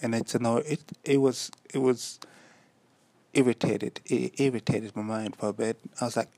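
A man's voice: mid-range voice, steady tone, moderate pace, warm tone, dry recording. A young man hosting a solo diary-style podcast, rambling and musing aloud with self-mocking asides. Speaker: podcast host.

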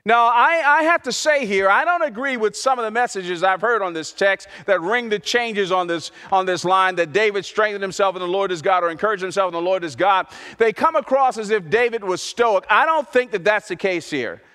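A middle-aged male pastor preaching a sermon, swinging from hushed, soft passages to loud, impassioned ones and repeating phrases for emphasis. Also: high voice, brisk, few pauses, clean tone, big-room sound.

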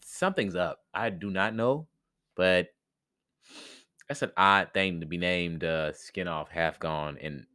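A man's voice: low-pitched, slow pace, bright, forceful tone, no echo, clean studio sound, full character voice. A man voicing a friendly, trusting mouse who keeps house, chatting in slang. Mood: puzzled.

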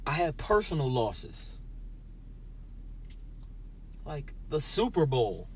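A man's voice: on the high side, very animated, slow pace, long pauses, a little hiss or hum. A young man hosting a podcast, ranting with lots of swearing and talking straight at his listeners in a sour, angry mood. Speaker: podcast host. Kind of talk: profane solo podcast rant.

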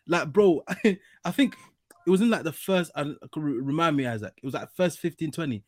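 A young man co-hosting a casual football podcast, teasing his friends in an animated way. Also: a little high, fairly quick, no room sound. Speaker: podcast co-host.

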